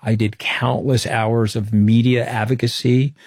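This interview guest, a middle-aged man, has a husky mid-range voice and talks a little slowly. He tells stories conversationally and with animation, acting out the dialogue he quotes, in studio quality with no room sound.

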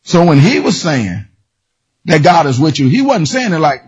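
A man preaching a sermon, animated and storytelling, shouting and half-singing his lines. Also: on the high side, moderate pace. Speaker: pastor. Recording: dull lo-fi sound.

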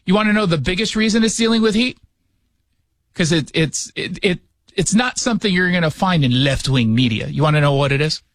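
Sarcastic male radio host, high voice. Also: brisk, no echo. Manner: sarcastic, joking asides. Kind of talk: casual opinion chat. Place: his cold radio studio.

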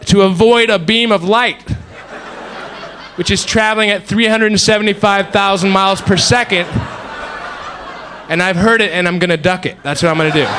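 A man doing observational stand-up comedy in an animated way, mimicking everyday sounds with his voice. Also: slight background noise. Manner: animated, imitates sounds with high-pitched vocal noises. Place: comedy stage with live audience.

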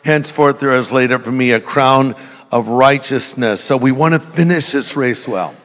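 A man's voice: mid-range voice, normal speed. An older man preaching a sermon in a church, telling jokes and funny stories to the congregation. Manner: humorous storytelling, jokey asides to the congregation. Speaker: pastor. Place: large church hall. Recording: long hall reverb.

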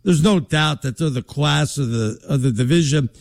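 A brash man trades jabs in a casual sports debate, his voice sitting a touch high. He talks in an emphatic, mocking way, like a host who calls himself an entertainer. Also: normal speed. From Connecticut.

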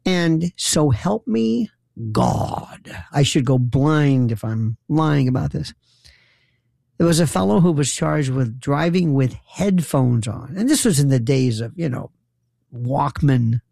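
A man's voice: mid-range voice, a little slow, vocal fry, dark tone, dry recording. A man, a former prosecutor, delivering a rambling, sarcastic comic monologue full of incredulous rhetorical questions. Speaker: talk show host, former prosecutor. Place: New York.

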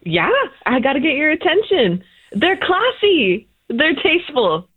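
A woman's voice: high-pitched, very animated, measured pace, phone-quality sound. A brash, self-assured woman calling in to a comedic radio bit, talking in a flirty, teasing way.

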